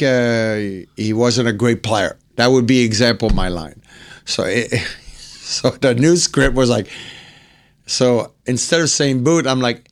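A man who grew up speaking French, telling a long animated anecdote as an interview guest and acting out the quotes. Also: medium pitch, measured pace, clean tone. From French-speaking upbringing. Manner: animated, acts out quotes, swears. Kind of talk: anecdote storytelling.

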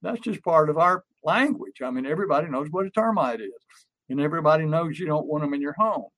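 A man's voice: on the high side, lively intonation, quick pace, a bit bright. An older man, co-hosting a podcast and telling folksy sales stories with fillers and restarts. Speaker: podcast co-host, pest control sales coach. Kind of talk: casual podcast talk.

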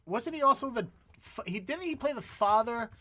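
High-pitched male podcast host, chatty and rambling, casual comedic chat. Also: lively intonation, normal speed, bright, forceful tone.

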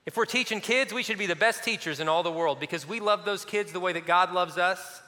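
A man preaching a sermon as a pastor, animated and storytelling, who drops at times to a soft, near-hushed voice. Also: high voice, a little fast, in a large hall.

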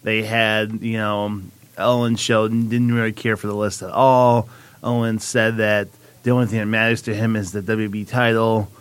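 A man's voice: on the low side, little pitch movement, moderate pace, clear, resonant tone, no room sound. A man co-hosting a podcast, laying out his predictions at length in casual chat. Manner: speculative, talks things through at length. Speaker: podcast co-host.

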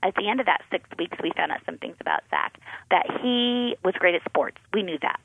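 A woman, a pastor's wife and author, telling lively family stories as a radio guest and acting out the dialogue. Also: fairly low pitch, a little fast, gravelly, noisy background. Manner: lively anecdotes, acts out quoted dialogue. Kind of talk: animated personal storytelling in a radio interview. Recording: phone-like narrow sound.

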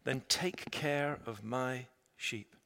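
A man preaching a sermon, retelling a story dramatically and swinging between loud, emphatic lines and hushed, quiet ones. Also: mid-range voice, takes it slowly, creaky. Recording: long reverb of a large hall.

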